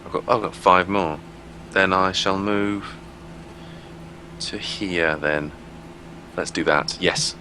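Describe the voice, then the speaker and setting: A man with a low voice and a bright, forceful edge, playing a tabletop game. He plans his turn aloud, full of fillers and restarts. Faint noise sits under the recording. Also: slow pace, pauses often. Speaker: player.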